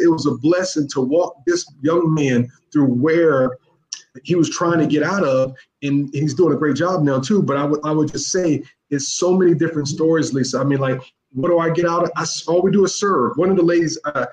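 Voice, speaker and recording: A man's voice: a little high, darkish tone. Emphatic middle-aged man, echoey room. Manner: emphatic, repetitive, keeps addressing the host by name. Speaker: youth mentor guest. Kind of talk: casual interview talk.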